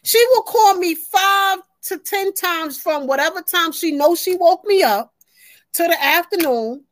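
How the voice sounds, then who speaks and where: A woman with a New York accent, co-hosting a podcast in casual chat, an animated storyteller who acts out family conversations. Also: very high-pitched, unhurried, dry recording. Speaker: podcast co-host.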